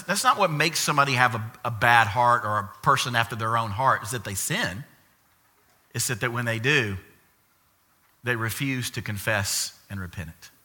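Bright-voiced pastor with a grandson, preaching. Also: male voice, medium pitch. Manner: animated storytelling, acts out quoted voices. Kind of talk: sermon.

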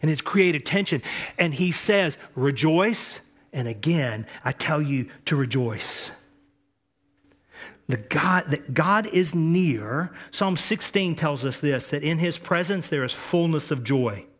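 Male pastor, slightly high voice, emphatic sermon delivery with repeated phrases. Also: animated, slow. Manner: emphatic preaching, swings between soft and loud; repeats key phrases, frequent restarts.

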